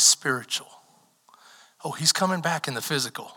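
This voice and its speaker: High, bright-voiced preacher man. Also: normal speed. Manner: preaching with big swings from shouts to whispers. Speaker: pastor. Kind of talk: sermon. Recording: reverberant hall.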